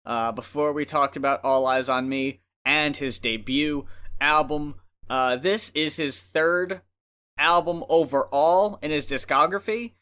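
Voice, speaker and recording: Bright-voiced man, laid-back co-host. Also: fairly high pitch, unhurried, clear, resonant tone. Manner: laid-back, swears freely, laughs often. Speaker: co-host of an album review show. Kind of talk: casual review chat.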